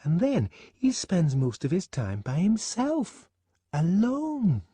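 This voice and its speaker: A man's voice: on the high side, huge pitch swings, unhurried, a little mellow, slightly rough, no echo, pitched above the performer's own voice, heavily acted. A man voicing a prim, disapproving young woman friend who sounds worried and scandalized.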